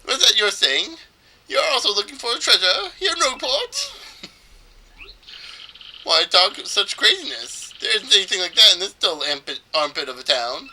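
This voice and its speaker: A vain, showy rich merchant full of grandiose swooning lines, as a man puts on the voice. The tone is lifted high and very bright, and the delivery swings wide with drama. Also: very animated, normal speed, slight background noise, heavily acted, rough recording. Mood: scoffing. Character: pompous flamboyant rich male merchant. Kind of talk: let's play voicing of game dialogue.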